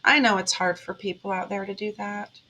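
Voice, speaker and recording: A woman's voice: mid-range voice, steady tone, normal speed, pushed and bright, low-quality recording. A woman, a tarot reader giving an earnest, emotional motivational monologue straight to her viewers. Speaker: tarot reader and spiritual vlogger.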